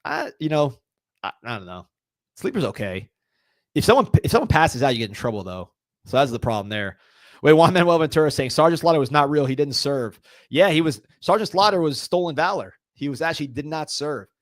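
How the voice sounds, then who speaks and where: A man's voice: on the high side, big pitch swings, fairly quick, no echo, studio quality. A man in his thirties co-hosting a casual sports podcast, talking in a joking, rambling way and laughing often. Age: 30s or older. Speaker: podcast co-host.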